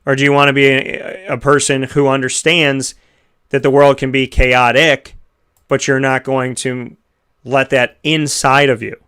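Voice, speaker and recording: A man's voice: medium pitch, flat delivery, unhurried, a bit bright, clear, resonant tone. An American man hosting a talk show segment, giving an earnest, reflective motivational talk full of rhetorical questions. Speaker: radio show host.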